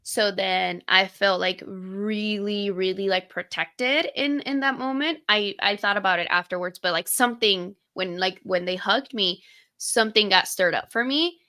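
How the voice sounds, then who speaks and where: A woman's voice: mid-range voice, moderate pace, sharp tone. A young woman co-hosting a podcast, talking candidly and casually, swearing now and then as she retells personal moments. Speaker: podcast co-host. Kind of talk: casual conversation.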